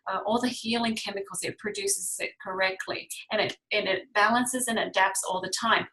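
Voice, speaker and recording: Woman health teacher, bright sharp tone, casual explainer who keeps checking in with listeners. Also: medium pitch, rough recording. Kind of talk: casual online class.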